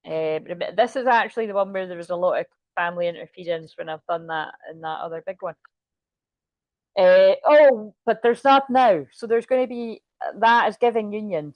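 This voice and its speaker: A woman's voice: medium pitch, a little mellow, no room sound. A woman doing a casual, rambling tarot reading and swearing now and then. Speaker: tarot reader.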